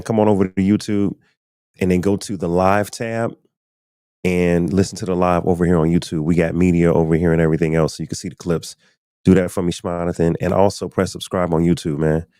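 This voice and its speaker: A man with a low, deep voice hosts a live podcast stream and talks casually to his viewers. His tone is dark and mellow, and the sound is dry and close. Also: no room sound. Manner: loose and chatty, addresses viewers directly. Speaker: podcast host.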